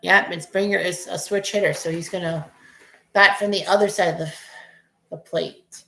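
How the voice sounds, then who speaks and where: A woman's voice: lowish voice, steady tone, moderate pace, vocal fry, bright, forceful tone, echoey room. A woman in her forties giving casual, rambling play-by-play of a baseball game as a fan streamer, cursing at bad plays. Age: 40s.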